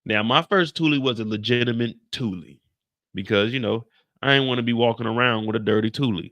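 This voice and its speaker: A young man from Kansas City hosting a casual livestream, talking loud and jokey and pushing his voice up to entertain. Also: medium pitch, creaky. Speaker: host of a TV show recap livestream.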